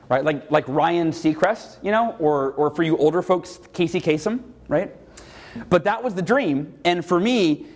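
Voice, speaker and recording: A man from California giving a keynote talk to a live audience, telling stories in an animated way and acting out every voice. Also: a little high. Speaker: motivational speaker.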